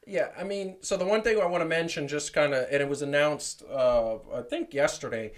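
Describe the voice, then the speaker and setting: A man's voice: fairly high pitch, brisk. Emphatic man podcast co-host. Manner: emphatic, repeats himself. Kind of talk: casual chat.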